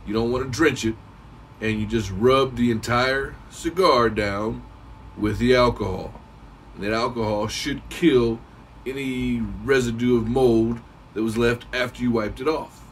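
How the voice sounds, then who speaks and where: A man giving a casual, rambling how-to talk as a cigar reviewer, clearing his throat now and then. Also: mid-range voice, steady tone, measured pace, distant mic, slight background noise, rough recording.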